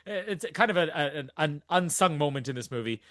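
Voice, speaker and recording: Young guy podcast host, rambly and excited, kinda high bright voice, dry sound. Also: fast talker, dry recording. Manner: rambling, enthusiastic, laughs often. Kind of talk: casual movie recap chat.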